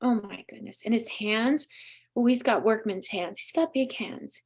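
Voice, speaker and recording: A woman's voice: a little high, lively intonation, a little slow, slightly rough. A woman hosting a live-streamed psychic reading, speaking earnestly and emotionally straight to a viewer. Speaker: psychic medium host.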